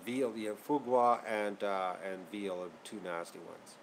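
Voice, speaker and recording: A man's voice: fairly low pitch, measured pace, creaky, noisy background. A man hosting his channel, talking casually to viewers, rambling and repeating himself as he gets worked up. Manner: rambling and repetitive, getting worked up. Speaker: channel host. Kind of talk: casual vlog chat to viewers.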